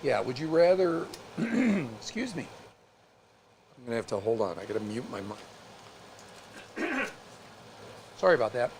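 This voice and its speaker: A man co-hosting a casual live stream, speaking haltingly with many restarts and reading viewer comments aloud. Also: medium pitch, very animated, noisy background. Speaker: co-host.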